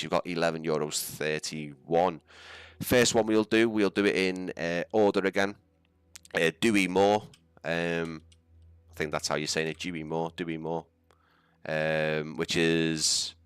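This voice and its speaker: A young man from England with a Scouse accent chats casually on a live stream, rambling and laughing often. His voice sits low, a bit bright and smooth, on a dry recording.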